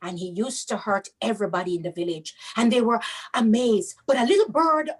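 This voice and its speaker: Animated Caribbean woman telling a story. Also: fairly high pitch, brisk, slightly rough, rough recording. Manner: animated, sing-song, explains local words. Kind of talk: children's storytelling.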